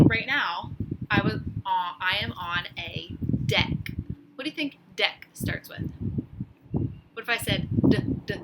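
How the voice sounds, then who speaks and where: A woman teacher giving a phonics lesson to young children, slowly sounding out letters with encouragement, outdoors on a deck. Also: mid-range voice. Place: outdoors on a deck by a lake, rain starting. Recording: loud outdoor noise.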